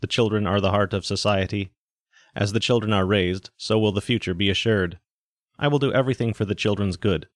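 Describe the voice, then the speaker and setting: A calm, resonant male robot teacher from a storybook speaks in even, dutiful sentences, as a man reading the tale puts him on. The voice sits very low and sounds close and dry. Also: no room sound, natural voice. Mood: flat dutiful. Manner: measured, flat, dutiful.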